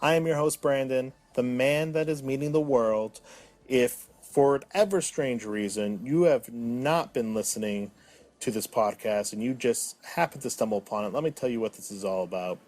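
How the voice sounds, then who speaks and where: A man's voice: mid-range voice, normal speed, a little mellow. A man in his thirties hosting a comedic solo podcast, talking with mock drama that swings from mopey to indignant. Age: 30s. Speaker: podcast host.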